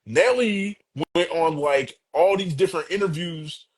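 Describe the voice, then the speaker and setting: A man with a slightly high, husky voice talks in a podcast studio. He is animated and lays out his points in long, flowing runs with quick asides. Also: rough recording. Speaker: podcast guest. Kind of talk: casual podcast discussion.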